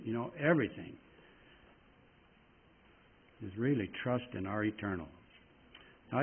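A man preaching a sermon in a folksy, rambling way, reading scripture slowly with strong emphasis. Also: on the low side, breathy edge. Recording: tinny phone-like sound.

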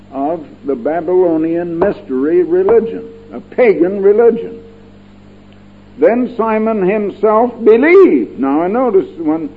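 Older male radio preacher, fairly high-pitched, folksy and digressive, emphatic repeats; tinny lo-fi broadcast sound. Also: husky. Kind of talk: radio Bible-teaching sermon.

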